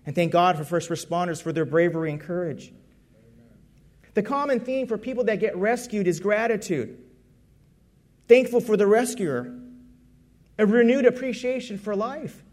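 A man from the United States preaching a sermon, telling a story in a conversational, lively way. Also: sits high, normal speed, long pauses.

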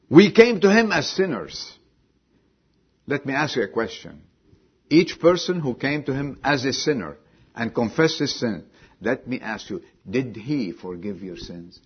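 A man preaching a sermon, dropping low and quiet, then bursting out loud and high, and asking the congregation direct questions. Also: breathy edge, dull audio. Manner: swings from low quiet lines to sudden loud high exclamations. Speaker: pastor.

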